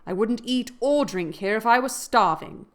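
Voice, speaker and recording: A woman's voice: animated, a little fast, darkish tone. A woman voicing a bold, defiant young girl. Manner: raised, higher and insistent.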